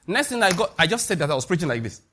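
A man with a Nigerian accent preaching a sermon as a pastor, animated and emphatic, with sudden high rises on key points. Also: very fast, a little hiss or hum.

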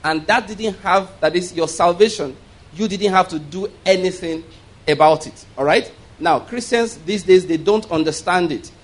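A man's voice: high-pitched, normal speed. A man preaching a sermon as pastor. He reads scripture aloud, explains it line by line, and has the congregation repeat words back. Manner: leads the congregation in call-and-response; asks "all right?" as a check-in.

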